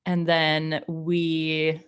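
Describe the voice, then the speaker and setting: Woman on a podcast, low voice, chatty, acts out her lines, big laughs. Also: very slow, clean tone. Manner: animated storyteller, acts out her own lines. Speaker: podcast co-host. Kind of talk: casual chat.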